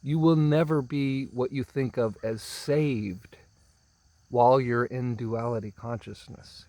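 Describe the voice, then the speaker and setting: Slow, emphatic male spiritual teacher. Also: mid-range voice, a little mellow, dry recording. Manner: slow, emphatic, drawn-out phrasing with repeated words; clears throat often.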